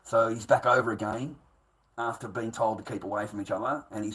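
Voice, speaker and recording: A man's voice: on the low side, little pitch movement, fast, a bit bright, poor audio. A man telling a rambling personal story, swearing constantly and repeating himself. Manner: swears constantly, restless and repetitive.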